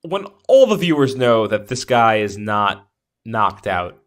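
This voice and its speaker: A man co-hosting a podcast in casual movie chat, excitable and often trailing off. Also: lowish voice, unhurried. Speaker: podcast co-host.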